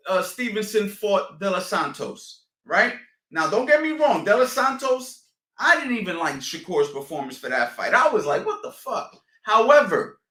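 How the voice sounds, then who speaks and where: A man's voice: high-pitched, pushed and bright, roomy sound, far from the mic. A man, a boxing coach, ranting on a livestream, swearing freely and firing off rhetorical questions. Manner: profane, fired-up, rhetorical questions. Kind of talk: heated livestream rant.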